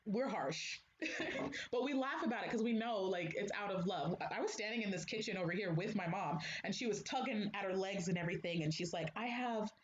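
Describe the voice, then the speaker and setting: A woman's voice: medium pitch, brisk. Blunt young woman chatting in echoey room. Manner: blunt, candid, laughs often. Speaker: livestream host. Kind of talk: casual chat to viewers. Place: home, room with echo. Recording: echoey room, dull lo-fi sound, faint hiss.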